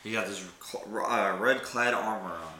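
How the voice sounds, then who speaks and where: A man's voice: on the low side, normal speed, roomy sound. Laid-back man running a tabletop game. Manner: relaxed, descriptive narration with frequent laughs. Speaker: game master.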